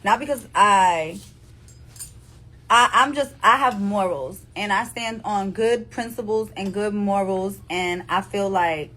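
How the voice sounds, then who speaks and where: A woman in her thirties from New Jersey, with the accent to match, livestreams from her phone and talks right to her followers. Her voice is medium-pitched, pushed and bright, and she goes slowly. It's a casual monologue, emphatic, repetitive and full of profanity.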